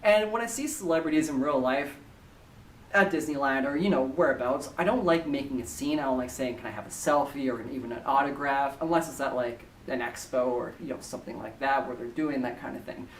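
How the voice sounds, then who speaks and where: A man sending in a recorded story to a podcast, telling it in a chatty, animated way. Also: mid-range voice, a little fast, far from the mic, slight background noise. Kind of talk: casual storytelling voice message. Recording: echoey room, voice away from the mic.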